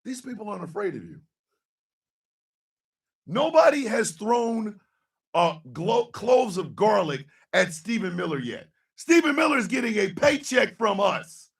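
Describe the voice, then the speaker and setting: A man hosting a radio show, ranting angrily and sarcastically about politics, swearing and often shouting. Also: high voice, very animated, a little slow, creaky, far from the mic. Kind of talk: angry political rant.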